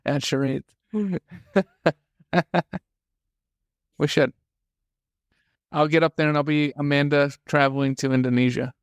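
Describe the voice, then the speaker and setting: A man sits in as guest host and chats casually, laughing often and swearing as he reacts. His voice sits a little high. The recording is dry and close. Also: fairly even intonation, slow pace, long pauses, clean tone, no echo. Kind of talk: casual interview chat.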